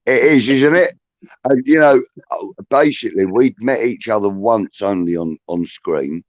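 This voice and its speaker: A man's voice: medium pitch, measured pace, no room sound. A man near sixty with a Liverpool accent, hosting a casual video-call chat and telling a rambling, sweary story full of restarts. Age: 50s. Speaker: host. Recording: dull lo-fi sound.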